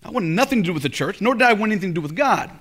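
High bright middle aged preacher guy telling his story in a sermon, goes loud then real quiet. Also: rapid-fire, soft background music. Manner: animated storytelling preacher, swings from loud to hushed. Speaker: pastor. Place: college chapel service.

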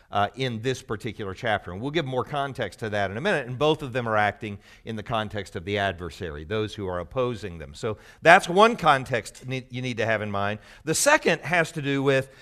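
A man's voice: lowish voice, expressive, fairly quick, bright, forceful tone. A man giving a conversational, explanatory Bible teaching to a live group, teasing the audience now and then.

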